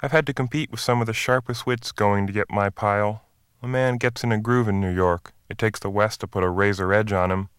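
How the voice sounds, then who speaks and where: A man's voice: lowish voice, fairly even intonation, a little fast, fairly bright tone, clear, resonant tone, no echo, studio quality, close to an everyday voice. A man reading the part of a boastful, self-assured middle-aged drifter from the West, in a hearty storytelling manner.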